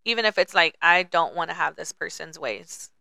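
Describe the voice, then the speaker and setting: A woman's voice: fairly low pitch, expressive, normal speed, vocal fry, sharp tone, no echo. A woman in her forties co-hosting a podcast, talking candidly in casual chat and swearing freely. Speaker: podcast co-host.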